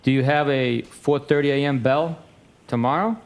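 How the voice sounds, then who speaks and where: A man with a mid-range voice reads a text message exchange aloud. His delivery is flat and matter-of-fact, with both sides of the exchange read in the same voice. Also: medium pitch, moderate pace.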